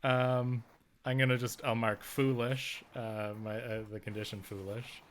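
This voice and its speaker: A man's voice: mid-range voice, level tone, measured pace, slight background noise. A young adult man playing a tabletop game, rambling and chuckling as he plans his move. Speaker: player. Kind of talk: casual tabletop game talk.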